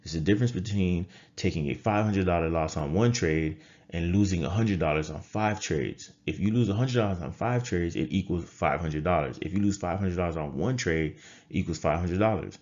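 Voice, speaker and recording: A man with a very low voice gives a motivational coaching talk straight to camera. He is emphatic and drives his points home by repeating phrases. The sound is dull and lo-fi. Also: a little fast, hardly any pauses, a little mellow. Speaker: trading coach and critical care nurse.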